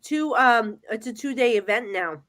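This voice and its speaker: A woman co-hosting a casual chat show, chatty and quick to chime in. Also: a little high, animated, a bit bright. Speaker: podcast co-host.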